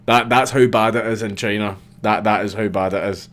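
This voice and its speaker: A man's voice: fairly low pitch, level tone, fast, hardly any pauses. A Scottish man in his thirties hosting a casual livestream, reading viewer comments and answering bluntly with swearing and repeated false starts.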